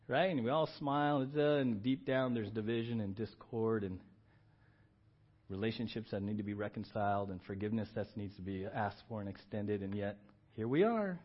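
A middle-aged man preaching a sermon as pastor, lively and building to emphatic outbursts. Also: mid-range voice, moderate pace. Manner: animated, rising to emphatic exclamations. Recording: dull lo-fi sermon audio.

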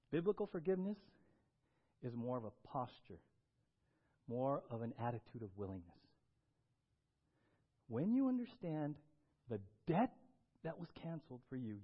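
A man preaching a sermon as pastor, swinging between loud emphatic bursts and quiet, low stretches. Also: sing-song, moderate pace, long pauses, lo-fi sound.

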